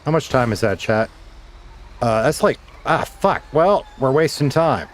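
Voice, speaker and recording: A man's voice: mid-range voice, lively intonation, measured pace. A middle-aged man, a former radio DJ, casually chatting with viewers while streaming a game, laid-back and swearing now and then.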